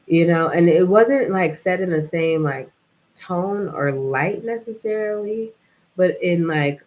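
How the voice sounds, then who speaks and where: A woman's voice: deep voice, low-quality recording. A young adult woman talking in a casual, reflective vlog monologue, rambling and filling her speech with "like" and "you know". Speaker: vlogger.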